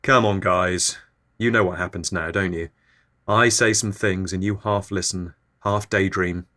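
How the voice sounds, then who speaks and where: A man delivering an absurdist comic monologue as a podcast host in a deadpan, low-key way. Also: unhurried.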